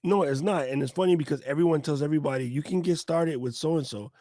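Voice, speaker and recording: A man, a guest tech expert in a casual video-call interview, explaining with folksy animated talk and laughs. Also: fairly high pitch, fast talker, no room sound, clean studio sound. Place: home office.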